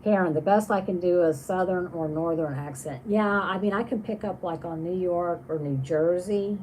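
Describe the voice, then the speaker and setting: A woman's voice: on the low side, normal speed, darkish tone, slight background noise, poor audio. A woman hosting a casual livestream, reading viewer comments aloud and chatting on in a rambling way with many restarts. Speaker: livestream host.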